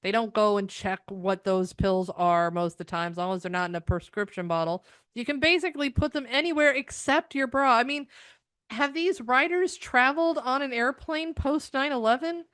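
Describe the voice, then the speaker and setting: A woman's voice: on the high side, normal speed, fairly bright tone, clear, resonant tone, no room sound, clean studio sound. A middle-aged woman from the United States, ranting sarcastically through a TV episode review, exasperated and rambling.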